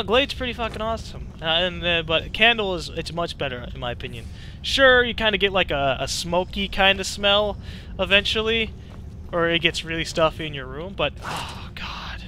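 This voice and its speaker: A young man rambling through casual gameplay commentary, excitable and profane. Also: high voice, slight background noise. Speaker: let's play gamer.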